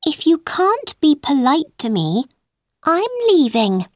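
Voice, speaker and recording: A woman's voice: high-pitched, sing-song, takes it slowly, no room sound, clean studio sound, voice pushed up, heavily acted. A woman voicing an earnest young girl in a storybook reading, polite but easily annoyed.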